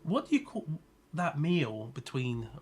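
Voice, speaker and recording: A man's voice: fairly high pitch, very animated, unhurried, husky, soft background music. A man live-streaming a racing game, chatting casually and teasing viewers as he answers their messages. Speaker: gaming streamer.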